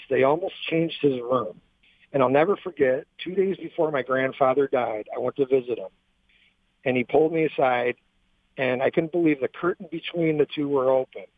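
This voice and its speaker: A man in his thirties calling in to a radio show, telling a personal story in a halting, emotional way with many restarts. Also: mid-range voice, no echo. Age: 30s. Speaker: caller. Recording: tinny phone line.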